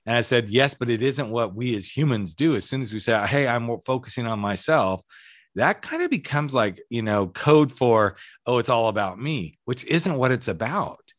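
A speaking coach hosts a casual conversational interview on his podcast, telling stories and acting out the quoted dialogue. His medium-pitched voice is expressive at a normal speed. The sound is clean studio quality with no room sound.

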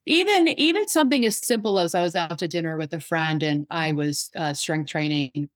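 A woman psychotherapist and life coach talking in a casual interview, animated and storytelling, acting out what others said. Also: low voice, normal speed, no echo. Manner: animated storyteller, acts out quoted voices.

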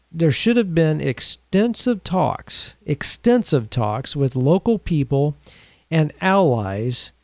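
Earnest, emphatic man, dry warm voice. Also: a little high, dry recording. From United States. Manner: earnest, emphatic, slows down to stress points; asks the listener rhetorical questions. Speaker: commentator. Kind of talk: opinion commentary.

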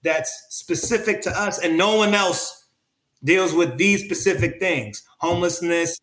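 A man's voice: sits high, a little slow, fairly bright tone. A man speaking earnestly as an interview guest, searching for his words with many fillers and restarts in reflective conversation. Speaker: interview guest, creative artist. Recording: roomy echo.

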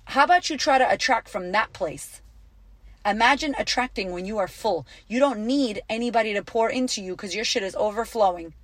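A woman's voice: medium pitch, a little fast, no room sound. Blunt, cussing woman podcast coach. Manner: blunt, profane and emphatic, repeating phrases for punch. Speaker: podcast host and life coach. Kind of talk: casual motivational podcast talk.

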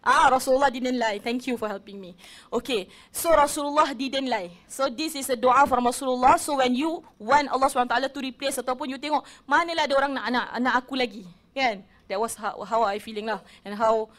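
A Malaysian-accented woman with a somewhat high voice delivers a religious talk to an audience. She keeps it chatty and conversational, slipping back and forth between English and Malay. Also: fast talker, a bit bright. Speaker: religious speaker.

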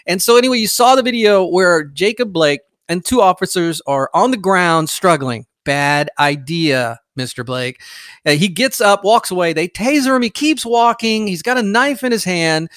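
A man's voice: sits high, expressive, normal speed, fairly bright tone, no room sound. A man hosting a political podcast, talking in a blunt, emphatic, conversational monologue into a close mic. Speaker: podcast host.

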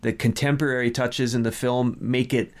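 A man giving an opinionated, animated film review in a casual chat with friends, often restarting his sentences. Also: medium pitch, normal speed. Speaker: film review podcast host.

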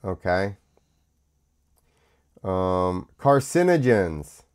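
A man's voice: low voice, very animated, extremely slow, clear, resonant tone. An American man hosting his own show, rambling through casual talk with many fillers, coughing now and then while sick. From United States. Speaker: podcast host.

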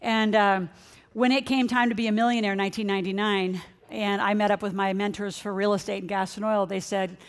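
A middle-aged woman, a financial coach, giving an energetic motivational seminar talk and speaking straight to her audience. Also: mid-range voice, a little fast, clear, resonant tone. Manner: energetic, excitable, addresses the audience directly. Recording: long hall reverb.

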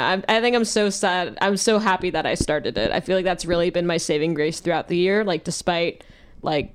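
A woman's voice: fairly low pitch, smooth. A young woman hosting a podcast, talking in a rambling, reflective way with lots of fillers. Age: young adult. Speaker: podcast host. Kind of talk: casual chat.

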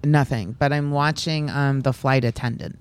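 A woman's voice: rumbling low, steady tone, normal speed, smooth. Rambling, self-mocking woman comedian. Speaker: comedian guest. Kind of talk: casual live podcast chat.

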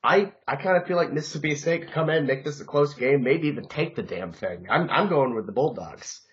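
A man co-hosting a podcast, chatting casually and excitably about football bets and mocking himself. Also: on the high side, brisk. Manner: excitable, self-mocking, frequent restarts. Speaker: podcast co-host. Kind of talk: casual sports-betting chat. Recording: dull, muffled podcast audio.

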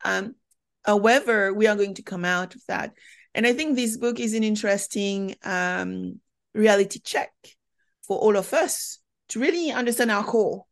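A woman from France with a French accent, a company founder telling stories as a podcast guest in a lively, chatty way. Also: medium pitch, moderate pace, creaky. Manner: animated, chatty storyteller. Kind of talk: conversational interview.

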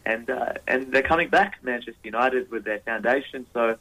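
A man's voice: mid-range voice, normal speed, bright, forceful tone, low-quality recording. Earnest man on a radio interview. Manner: earnest, many uh and um. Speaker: football engagement lead, guest.

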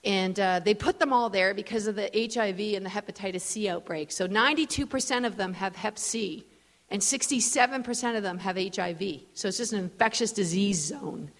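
A woman preacher giving a storytelling sermon in a casual, animated way, full of fillers. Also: medium pitch, a little fast, long reverb tail. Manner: conversational, animated, many fillers. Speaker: preacher, guest speaker. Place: large event hall.

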